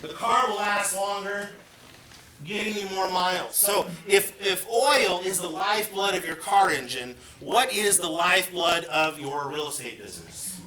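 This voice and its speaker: A man's voice: high-pitched, lively intonation, unhurried, pushed and bright. A man leading a team meeting in front of a large audience, joking around and firing questions at the room. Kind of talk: lively team meeting talk. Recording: echoey room, speaker far from mic, crowd sounds.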